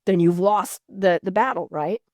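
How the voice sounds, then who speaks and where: A woman's voice: medium pitch, normal speed, darkish tone, dry recording. A woman hosting a podcast, chatting casually with frequent fillers, restarts and laughs. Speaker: podcast host. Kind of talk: casual interview chat.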